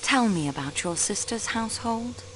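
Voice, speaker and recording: Young woman doing a cool persistent detective, expressive voice, polite and pointed. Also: on the high side, normal speed, a little hiss or hum, close to an everyday voice. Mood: probing. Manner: poised, probing and polite, with French phrases. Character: sharp young female sleuth, cool and persistent. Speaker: railway clerk acting as detective. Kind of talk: video game voice acting.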